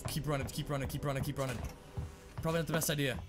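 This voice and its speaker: A young man giving casual let's-play commentary on a horror game, swearing often, muttering to himself and bursting into yells. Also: mid-range voice, fairly even intonation, very fast, over music. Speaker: gaming video host.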